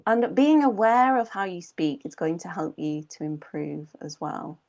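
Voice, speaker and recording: A woman's voice: lowish voice, unhurried, a little mellow, highs cut off. A woman with an English accent, an English coach answering questions in a live stream and patiently explaining step by step with examples. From England.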